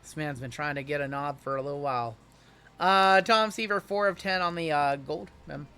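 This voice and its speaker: A man's voice: fairly high pitch, normal speed, sharp tone, smooth, faint music behind. A man hosting a live card-break stream, calling out each pull in an upbeat, chatty, teasing way.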